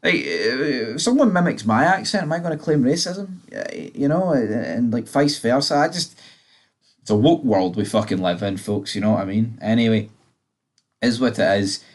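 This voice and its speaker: A man's voice: mid-range voice, lively intonation, normal speed. A man giving a casual, rambling TV episode review, blunt and swearing freely.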